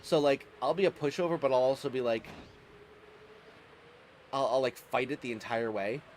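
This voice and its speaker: A man's voice: mid-range voice, normal speed, slight background noise. A man hosting a casual livestream, chatting with viewers, laughing often and stumbling over his words. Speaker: streamer.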